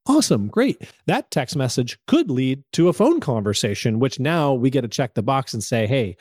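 A man with a mid-pitched voice co-hosts a casual podcast, heard close and dry. He states his opinions plainly and breaks into short laughs between points. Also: sing-song, normal speed, hardly any pauses, darkish tone, no room sound. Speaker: podcast co-host.

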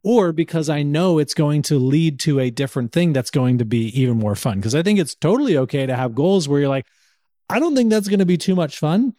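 A man's voice: on the high side, dark tone, no echo, clean studio sound. A man co-hosting a casual podcast chat, earnestly giving advice. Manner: earnest, advising. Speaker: podcast co-host.

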